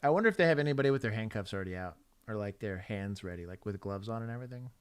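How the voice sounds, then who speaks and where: A man's voice: fairly low pitch, animated, rapid-fire, clear, resonant tone. A man from Texas, a former police officer, hosting a casual livestream and wryly grading police footage.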